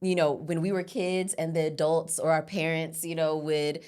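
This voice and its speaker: A woman's voice: low voice, flat delivery, moderate pace, a little mellow, smooth. A woman co-hosting a podcast in casual chat, mostly backing up her friend with short affirmations. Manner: supportive listener, frequent short affirmations. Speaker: podcast co-host.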